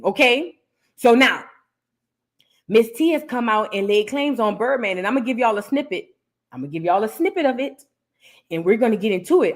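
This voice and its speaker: A woman who hosts a celebrity gossip reaction show and talks straight to her viewers in a chatty, casual way. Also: a little high. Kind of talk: casual commentary.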